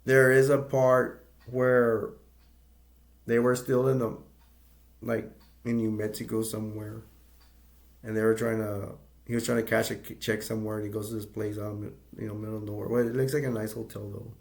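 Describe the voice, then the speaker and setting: A man's voice: lowish voice, level tone, moderate pace, creaky. A man casually retelling a movie's plot as a reviewer, rambling with restarts and loose asides.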